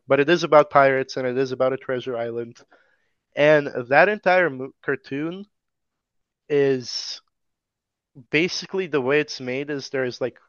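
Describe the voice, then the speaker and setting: A man's voice: medium pitch, fairly bright tone, smooth, no room sound. Young man from Tajikistan, casual interviewee, resonant voice, slightly muffled dry recording. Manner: laid-back, rambling with many fillers.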